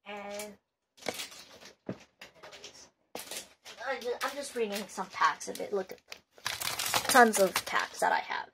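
A woman's voice: mid-range voice, slow, creaky, long pauses, noisy background. A woman collector giving unscripted advice in a vlog, rambling and emphatic, with many restarts. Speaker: card collector and video maker.

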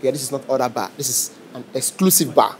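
A man's voice: medium pitch, fast talker, slight background noise. A man with a Nigerian English accent playing a waiter in a comedy skit, politely insisting on payment with a mocking edge.

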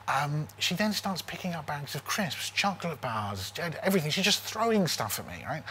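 Animated comedian man in his forties. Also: a little high, fairly quick, few pauses, a little hiss or hum. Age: 40s. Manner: animated, keeps tagging lines with "right?". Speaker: comedian guest. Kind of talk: casual comic storytelling.

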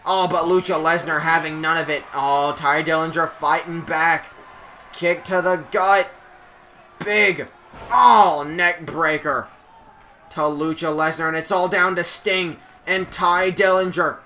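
A man giving playful, jokey play-by-play commentary on a wrestling video game, shouting at the big moments. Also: on the high side, fairly even intonation, a little slow, a little hiss or hum.

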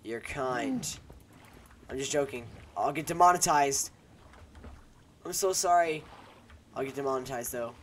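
Speaking at a moderate pace with frequent pauses, a young man in the mid vocal range gives laid-back, self-deprecating game commentary. The gaming YouTuber rambles and jokes with his viewers over a headset mic, and keyboard clicks punctuate the noisy home recording.

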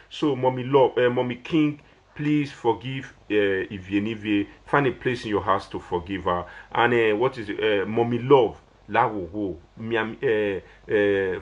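In lo-fi sound, a young social media personality with a Nigerian Pidgin English accent begs his viewers for something, going in circles and repeating himself. His voice runs slightly low, and he comes across like someone talking casually on a live phone video.

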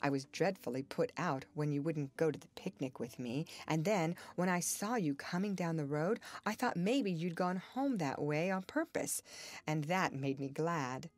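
A woman's voice: low voice, expressive, normal speed, a little mellow. Mattie, a woman reading a shy young woman. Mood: tender. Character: shy, tender young woman, gentle and sad.

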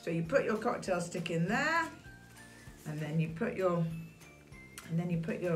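An Englishwoman in her sixties with a British accent, hosting a children's craft story time in an animated, sing-song way while speaking directly to the kids. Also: lowish voice, moderate pace, long pauses, over music. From England. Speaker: children's show host.

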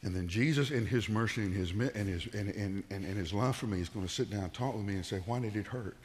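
A male pastor giving a conversational sermon, rising into loud emphatic bursts and dropping to low, quiet tones. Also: fast, long reverb tail, a little hiss or hum.

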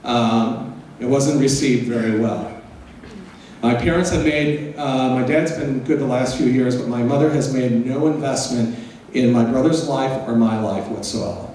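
A man's voice: mid-range voice, measured pace, darkish tone, a little hiss or hum. A middle-aged man giving a personal storytelling lecture, candid and mixing in humor. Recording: echoey hall, voice from far off.

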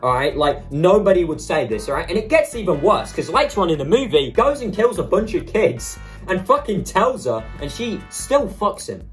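A man's voice: high-pitched, big pitch swings, a little fast, faint music behind. A young man hosting a comedic reaction video, with crude, sarcastic, rambling commentary.

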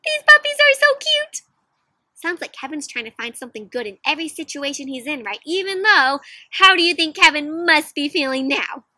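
A young adult woman reading a picture book aloud to children in an animated way, gasping and asking them questions. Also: high voice, a little fast, no echo. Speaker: children's storyteller. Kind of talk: interactive read-aloud for kids.

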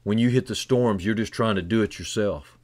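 A man preaches a sermon briskly, rising from quiet, low passages to loud, fervent climaxes and repeating key phrases for emphasis. There is no echo.

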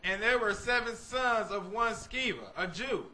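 A man reading scripture aloud during a sermon at a steady pace. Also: high-pitched, a little slow. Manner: steady read-aloud delivery of old-fashioned verse. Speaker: scripture reader.

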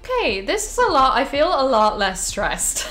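A woman's voice: high voice, sing-song, normal speed, a bit bright, faint music behind. A young woman streaming a survival game with a friend, chatting casually, giggly and rambling. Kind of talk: casual gameplay chat.

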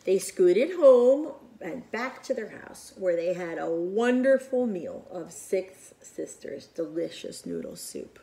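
A woman reading a picture book aloud to children in an expressive, animated way with whispered asides. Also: fairly low pitch, takes it slowly, creaky, hardly any pauses. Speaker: children's storyteller.

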